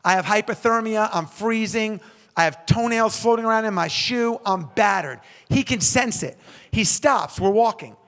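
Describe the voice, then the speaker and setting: A man giving a storytelling keynote as a motivational speaker, energetic and building rhythm through repetition. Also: high voice, moderate pace.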